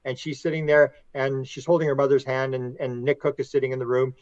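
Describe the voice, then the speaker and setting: Fast-talking rambling male storyteller. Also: medium pitch, no echo, dull audio. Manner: animated, rambling storyteller who acts out quotes. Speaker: podcast guest, author. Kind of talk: casual conversational storytelling.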